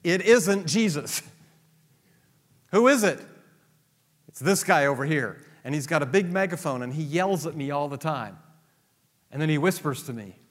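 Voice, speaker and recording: A male pastor preaching a sermon, swinging between loud emphatic declarations and low asides. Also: animated, moderate pace, long pauses. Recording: long reverb of a large hall.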